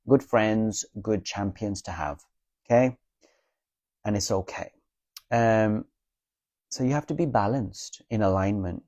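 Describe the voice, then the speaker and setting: Dark-toned and fairly low, this man's voice comes through a dry recording as he talks earnestly and casually to viewers about spiritual healing. The spiritual advice creator reassures them, asks "okay?" to check in, and swears bluntly at times.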